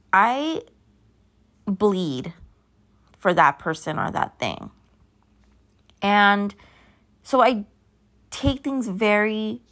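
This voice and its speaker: A podcast host in her thirties chats by herself in a mid-range, fairly bright voice. Drowsy and yawning, she rambles loosely and keeps losing the thread.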